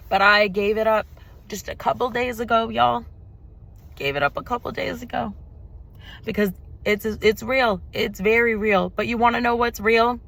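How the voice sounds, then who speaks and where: A woman with a high-ish, gravelly, fairly bright voice, recorded dry, gives an emotional personal testimony. The spiritual vlogger addresses her viewers directly, swears freely, repeats phrases for emphasis, and drifts into preaching.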